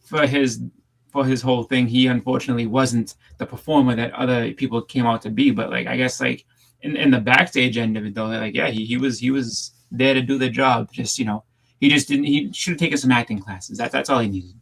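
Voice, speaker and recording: A man's voice: mid-range voice, steady tone, fairly quick, vocal fry, rough recording. A man chatting casually on a livestream panel, telling long rambling stories full of restarts and fillers. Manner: rambling storyteller with many restarts. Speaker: panel co-host. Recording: home setup over a livestream.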